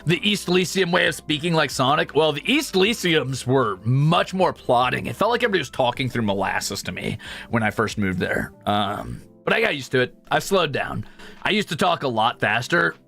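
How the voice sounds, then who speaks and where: A man's voice: medium pitch, gravelly, soft background music. A man streamer with a faint Midwestern American accent, chatting casually and rambling with viewers. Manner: rambling, animated, quick asides and laughs.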